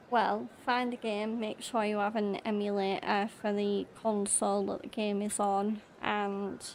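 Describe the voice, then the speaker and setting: A chatty British woman in her twenties commentates casually over a game, reading chat aloud and laughing easily. Her pitch stays fairly flat and even. A faint background hum sits under her voice. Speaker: gaming streamer.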